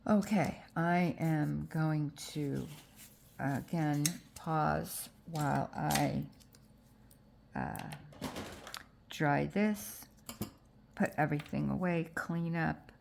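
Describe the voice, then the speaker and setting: Woman, low and deep, very gravelly, stuffy from allergies, slow unhurried talk, chatty crafting tutorial, faint background noise. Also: steady tone, darkish tone. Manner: chatty and self-deprecating, with frequent fillers. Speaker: junk journal crafter. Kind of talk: casual crafting tutorial chat.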